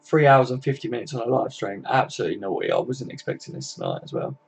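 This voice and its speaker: A man's voice: mid-range voice, huge pitch swings, quick pace, vocal fry, husky. A tired young man chatting casually and swearing freely as he wraps up a football live stream.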